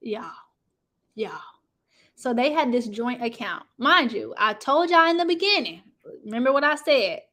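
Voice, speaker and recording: A woman hosting casual reality TV gossip commentary, chatty and animated, talking straight to her viewers. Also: on the high side, measured pace, pauses often. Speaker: host.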